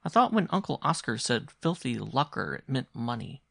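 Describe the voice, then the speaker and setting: A man's voice: medium pitch, big pitch swings, moderate pace, vocal fry, fairly bright tone, dry recording, clean studio sound, voice pushed up, full character voice. A man reading a story aloud, voicing a curious, insistent young boy who keeps asking questions. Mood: questioning. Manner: eager, questioning.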